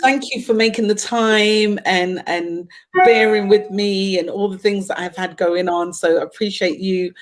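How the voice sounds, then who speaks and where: A woman's voice: medium pitch, steady tone, unhurried, hardly any pauses, background noise. A middle-aged woman hosting a talk show in a chatty, playful way, laughing often and making asides.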